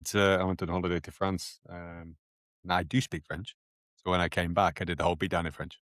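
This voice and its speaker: Co-host: deep-voiced man, soft-spoken, low-key, dry close sound. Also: level tone, fairly quick, no echo. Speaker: podcast co-host. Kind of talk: casual chat.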